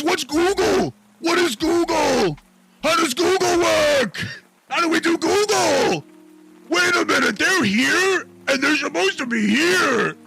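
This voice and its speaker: A man's voice: a little high, pushed and bright. A man streaming, swearing through an angry rant and later talking through an apology. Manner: angry, profane ranting with mocking voices. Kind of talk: livestream rant and apology video.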